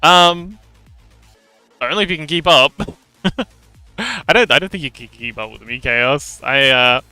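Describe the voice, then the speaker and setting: A man hosting a livestream, reading out chat and answering in a loose, joking way. His voice is bright, clear and a little high for a man, and he talks close to a dry mic with faint music underneath. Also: measured pace, dry recording. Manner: chatty and playful, laughs often between remarks. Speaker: livestream host. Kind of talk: casual livestream chat, reading viewer messages aloud.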